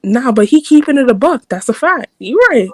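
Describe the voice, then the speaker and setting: A woman's voice: fairly high pitch, lively intonation, a little fast, no room sound, rough recording. Blunt profane New York woman. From New York City. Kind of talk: casual livestream chat.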